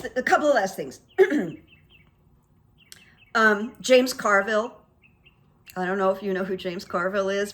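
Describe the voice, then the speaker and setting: Middle-aged woman host, solo news-commentary monologue, opinionated and chatty, mid-pitched. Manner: chatty, opinionated, with asides and fillers. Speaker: host of a psychic commentary channel. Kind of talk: casual political commentary monologue.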